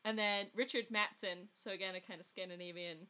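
A woman's voice: medium pitch, fairly even intonation, brisk, sharp tone. A woman from the Upper Midwest with a rural Midwestern accent, co-hosting a podcast and telling a story in a chatty, giggly way. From US Upper Midwest, along the Mississippi. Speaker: podcast co-host. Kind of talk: casual podcast chat.

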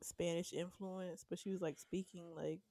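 A woman co-hosting a casual podcast chat, playful and quick to laugh. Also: lowish voice, steady tone, warm tone. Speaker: podcast co-host.

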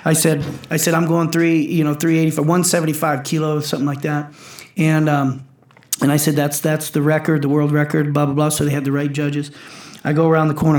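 Intense 40s lifter guy, kinda high voice, cussing, echoey room. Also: completely flat delivery, a little fast, darkish tone. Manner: intense, swearing, acts out his own quotes. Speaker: powerlifter and coach. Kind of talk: casual podcast chat.

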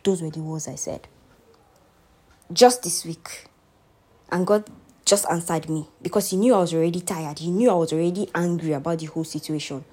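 A woman's voice: sits low, steady tone, quick pace, warm tone, husky. A young Nigerian woman hosting a podcast, speaking earnestly and heartfelt as she encourages listeners to keep faith. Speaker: podcast host. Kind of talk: motivational faith talk.

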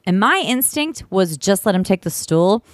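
A woman's voice: medium pitch, normal speed, no echo, studio quality. A woman co-hosting a casual chat, telling stories with lots of swearing and laughter. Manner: animated storytelling, swearing, frequent laughs. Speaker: podcast co-host.

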